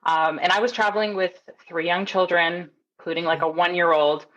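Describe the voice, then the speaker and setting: Animated woman telling a story. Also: lowish voice, a little fast, muffled recording. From Canada. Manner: animated storyteller, acts out quotes, laughs often. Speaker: guest, nurse coach. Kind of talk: casual storytelling interview.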